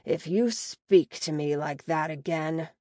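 A woman voicing a stern male orc prison warden who speaks in a direct, measured way. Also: low voice, a little mellow, no room sound, clean studio sound. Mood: sneering.

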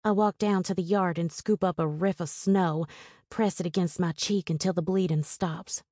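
A woman narrating a first-person story in a calm, measured reading voice. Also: fairly low pitch, no room sound, clean studio sound. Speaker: audiobook narrator.

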